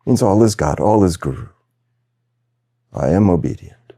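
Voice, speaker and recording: A man telling a parable as a humble, meek little man, calm and gentle. The voice is deep and gravelly, soft and unhurried. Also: exaggerated voice. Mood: serene.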